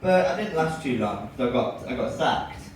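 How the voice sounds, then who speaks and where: Performing a stand-up set in a comedy club with an audience, this English comedian delivers lively, swooping stories and now and then bursts into loud cries. His voice is mid-range at a moderate pace. The recording is distant and very echoey, with audible noise throughout.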